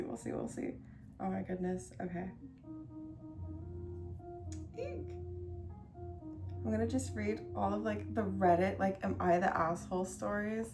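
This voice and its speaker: A woman's voice: on the high side, slight background noise. A young woman streaming, chatting casually and bubbly, full of likes and little gasps. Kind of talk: casual chat. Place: warm room indoors.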